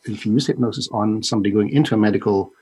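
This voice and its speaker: A man's voice: fairly low pitch, rapid-fire, mellow, slightly rough. A man co-hosting a podcast, talking casually and rambling a little, with restarts. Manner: rambling, with restarts and acted-out quotes. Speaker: podcast co-host. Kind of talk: casual conversational chat.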